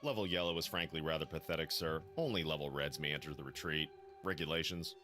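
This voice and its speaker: An actor playing a stiff, formal male government agent in a video game, speaking in a flat deadpan. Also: rumbling low, quick pace, soft background music. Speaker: game character.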